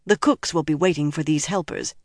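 A reader voicing a composed woman who speaks briskly and politely in an audiobook. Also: medium pitch, no room sound, clean studio sound, natural voice. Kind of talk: audiobook character reading.

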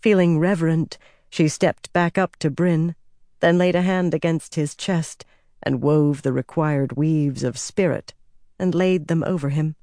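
A man narrating a fantasy audiobook in an even, measured storytelling voice. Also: a little high, dry recording, clean studio sound.

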